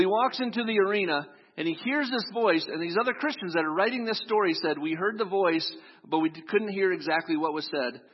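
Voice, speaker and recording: A man's voice: high-pitched, husky. A man preaching a sermon, telling a story and acting out the voices of its people. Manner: storytelling, acts out quoted voices. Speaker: pastor. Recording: echoey hall, dull lo-fi sound.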